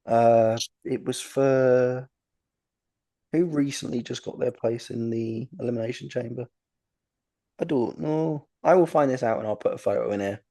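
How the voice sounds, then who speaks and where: A man's voice: mid-range voice, moderate pace, mellow. Enthusiastic man, rambling podcast chat. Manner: rambling, enthusiastic, frequent ums. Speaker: podcast host. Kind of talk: casual wrestling chat.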